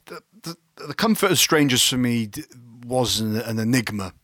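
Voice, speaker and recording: Film podcast co-host, English man, wry and meandering, bright voice. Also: mid-range voice, lively intonation, moderate pace, no echo, clean studio sound. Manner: rambling, self-correcting, wry. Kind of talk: casual film discussion.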